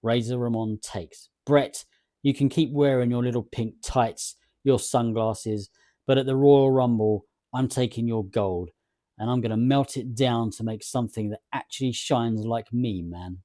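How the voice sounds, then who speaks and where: A cocky male wrestler taunts his rival with swagger, as a man reads him out in a mellow, warm voice. The delivery is dry and close, with a plain everyday tone rather than a big character voice. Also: mid-range voice, a little slow, dry recording, natural voice. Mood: boastful.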